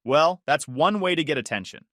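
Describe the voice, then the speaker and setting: A man's voice: a little high, moderate pace, no room sound. A man voicing a laid-back, sarcastic young male roommate who delivers dry wisecracks. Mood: wry. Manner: deadpan wisecracking.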